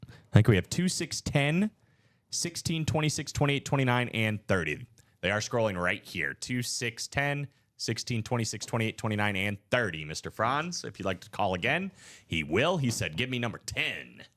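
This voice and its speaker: A man's voice: fairly low pitch, big pitch swings, moderate pace, a bit bright. A man hosting a live card break stream, with upbeat, slangy hype chatter.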